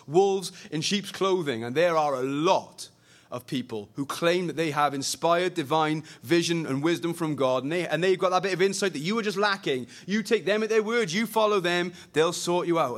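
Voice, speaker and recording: A young man preaching a sermon, animated and conversational, swinging between loud emphasis and quiet earnestness. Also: sits high.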